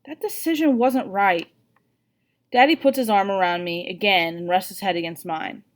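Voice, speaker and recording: A woman reading a novel aloud in an expressive, first-person narration. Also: mid-range voice, normal speed. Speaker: audiobook reader.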